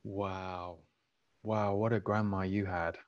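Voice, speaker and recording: Male host, low-ish pitch, short affirming replies, dry, slightly dull recording. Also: flat delivery, slow, dry recording. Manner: brief, affirming responses and questions. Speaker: interview host. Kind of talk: interview conversation.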